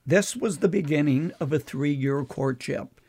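An older man, a preacher, earnestly recounting a personal story in a measured way. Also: on the high side, a little mellow, breathy edge.

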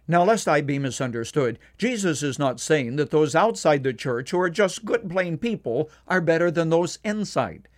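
Earnest man giving a radio devotional. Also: fairly high pitch. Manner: measured, earnest, slows down for emphasis. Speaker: radio commentator. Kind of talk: scripted devotional radio commentary.

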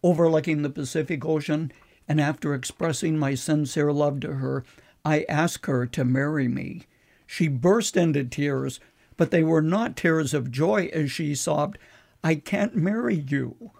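An older man, a preacher, earnestly recounting a personal story in a measured way. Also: on the high side, gravelly, darkish tone.

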